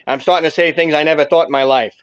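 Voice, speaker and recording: A man in his fifties, a comedian, telling a joke with quick, brisk delivery. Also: on the high side, steady tone, smooth, no echo, dull audio. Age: 50s. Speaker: comedian guest.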